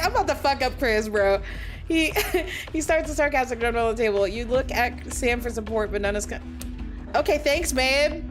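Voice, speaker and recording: A young woman streaming a game, reading its text aloud and bursting into loud, cursing, indignant rants. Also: sits high. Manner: swears a lot, laughs mid-sentence. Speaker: VTuber streamer. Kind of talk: casual gameplay commentary.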